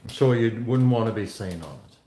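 A man's voice: fairly low pitch, lively intonation, fairly quick, dark tone, slight background noise. A man chatting casually and bluntly on a live stream, swearing freely and rambling between topics. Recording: echoey room.

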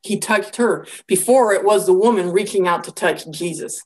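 A woman giving a conversational Bible lecture, telling the story in a lively way with casual asides. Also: medium pitch, normal speed. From American Midwest.

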